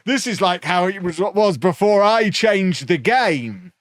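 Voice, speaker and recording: A man puts on the voice of a smug, arrogant young man who talks in a high, slow, self-satisfied drawl. The sound is close and dry, with no room around it. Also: animated, no echo. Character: smug arrogant young male video maker.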